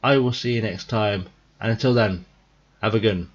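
A young man with a low, husky voice talks through a game in a loose, rambling way, sounding tired. The recording is dull and lo-fi, like a cheap home mic. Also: normal speed. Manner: rambling, thinking out loud. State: tired, yawning. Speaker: gaming video host. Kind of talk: casual let's-play commentary.

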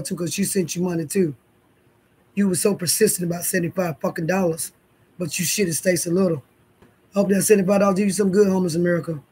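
Hosting her own YouTube vlog, a woman talks bluntly and profanely, addressing her viewers and others directly. She has a lowish, warm, slightly rough voice.

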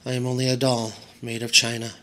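A man voicing a weary, hopeless male china rabbit doll who speaks quietly and resignedly. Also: mid-range voice, monotone, fairly quick, close to an everyday voice.

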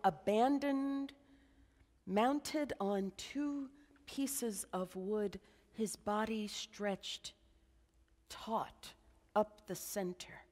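Slow, hushed woman preaching in a reverberant church. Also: mid-range voice. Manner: slow, dramatic guided meditation with hushed drops. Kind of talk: sermon.

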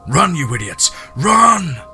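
A man's voice: lowish voice, moderate pace, loud music behind the voice, lightly acted. A man voicing an adult male hunter who leads under threat and gives urgent, commanding orders.

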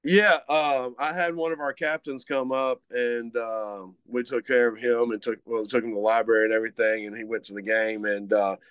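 A man from Mississippi talking in a loose, rambling way, full of "uh" and "you know". His voice sits at an ordinary middle pitch. The sound is dry and close, with no room around it. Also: flat delivery, moderate pace, hardly any pauses, fairly bright tone, clear, resonant tone, no room sound. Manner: rambling, filler-heavy, easygoing. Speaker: guest co-host, butcher shop representative. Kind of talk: casual podcast chat.

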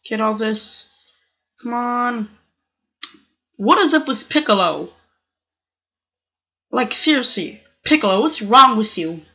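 A gaming channel host giving live gameplay commentary, excitable, repeating short cries of no and come on and exclaiming oh my goodness. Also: mid-range voice, slow pace, pauses often.

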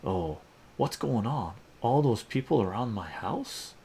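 A man's voice: mid-range voice, very animated, measured pace, gravelly, mellow, a little hiss or hum, voice pushed up. A man voicing a brash, easily riled teenage boy who keeps blurting out exasperated questions.

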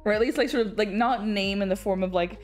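Drawing on her art stream, a young woman with an English accent talks quickly in a medium-pitched voice, rambling and restarting her sentences with frequent laughter and the occasional swear. Faint music sits in the background.

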